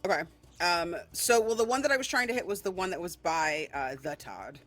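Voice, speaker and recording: A woman's voice: fairly low pitch, lively intonation, fairly quick, a bit bright, faint music behind. A woman playing a tabletop game, chatty and eager, describing her character's actions. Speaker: player. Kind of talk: casual tabletop play.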